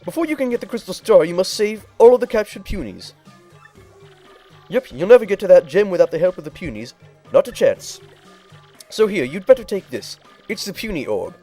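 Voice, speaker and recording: A man's voice: high-pitched, very animated, fairly quick, mellow, soft background music, pitched above the performer's own voice. A man voicing a crotchety, bossy old female tribal elder in a game playthrough, scolding and barking orders. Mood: explaining.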